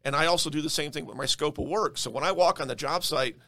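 A Denver-area man who flips houses talks fast and emphatically as a guest on a podcast, often repeating words as he starts a thought. His slightly high voice is pushed and bright with vocal fry, recorded dry.

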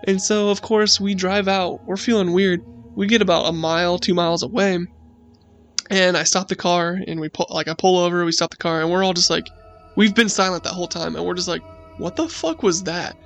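A man's voice: sits high, flat delivery, fairly quick, a bit bright, soft background music. A young man casually telling a spooky story about his friends, rambling and swearing, with lots of "like". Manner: profane, rambling, heavy use of "like".

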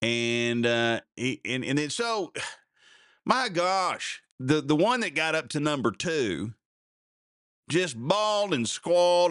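A man's voice: fairly high pitch, very animated, measured pace, fairly bright tone, dry recording, clean studio sound. Folksy rambling male radio host. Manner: folksy, meandering, repeats himself. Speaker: radio talk show host. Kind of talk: casual rambling radio chat. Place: radio studio.

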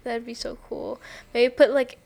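A woman's voice: on the high side, little pitch movement, unhurried, vocal fry, darkish tone. A woman co-hosting a podcast, chatting casually and giggling as she tells stories. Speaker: podcast co-host. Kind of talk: casual chat.

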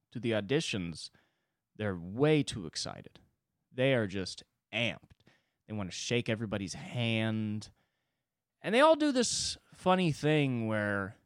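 A man's voice: medium pitch, no room sound, clean studio sound. A man hosting a solo podcast, telling a sarcastic, profane story with big swings in his voice. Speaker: podcast host. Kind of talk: solo comedic monologue.

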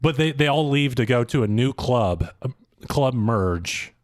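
A man's voice: medium pitch, animated, a little slow. A young man co-hosting a podcast, recapping a show in a casual storytelling way with wry remarks. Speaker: podcast co-host.

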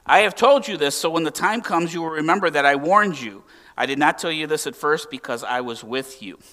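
Animated preaching man, bright voice. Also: fairly high pitch, fairly quick. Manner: animated preaching with emphatic rises and hushed drops. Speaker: pastor. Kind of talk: sermon.

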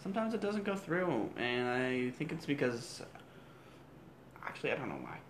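A man's voice: mid-range voice, big pitch swings, moderate pace. Man, casual chatter, loose and profane, slight background hiss. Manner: loose, swearing, slips into mock voices. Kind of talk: casual chat.

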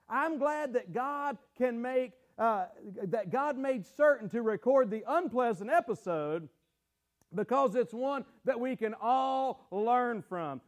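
High-voiced folksy pastor. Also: male voice. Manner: folksy storytelling, acts out quoted voices. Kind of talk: sermon.

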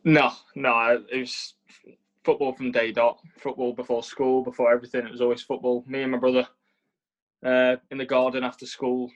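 A young man with an English accent speaks in a medium-pitched voice, answering questions in a relaxed interview. He talks earnestly, tripping over his words and restarting phrases as he goes. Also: brisk, dull audio. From England. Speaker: professional footballer, interview guest.

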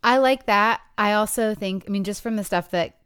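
A woman's voice: moderate pace, a bit bright, clear, resonant tone, no echo, studio quality. A woman in her thirties co-hosting a casual podcast, chatty and acting out the quotes she tells. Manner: chatty, acts out quotes with big pitch jumps. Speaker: podcast co-host.

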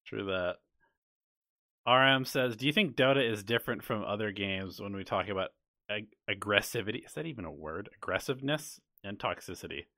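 Lowish guy with a sharp bright voice, reads chat qs and argues it out calm, super dry sound. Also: brisk, no room sound. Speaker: podcast host reading chat questions. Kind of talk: casual chat.

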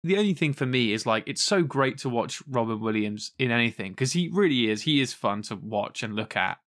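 A man co-hosting a podcast, reviewing a film in casual, animated chat, laughing often and swearing freely. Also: medium pitch, fairly quick. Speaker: podcast co-host.

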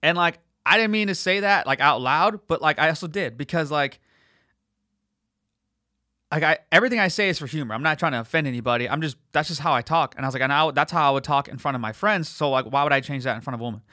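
A man's voice: a little high, fast talker, pushed and bright, no echo, clean studio sound. A man in his late twenties hosting a podcast, talking in a blunt, rambling, profane casual monologue. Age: 20s. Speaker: podcast host.

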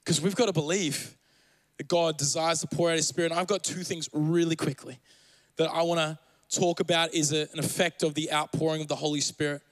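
A young pastor preaches with a high, light voice, earnest and rising to fervent urgency. The sound is close and dry, with no room around him. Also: male voice, steady tone, a little fast, dry recording, poor audio. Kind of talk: sermon.

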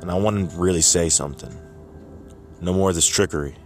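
A man voicing a gruff, short-tempered bar owner who speaks in a stern, threatening way. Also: low-pitched, fast talker, soft background music, natural voice.

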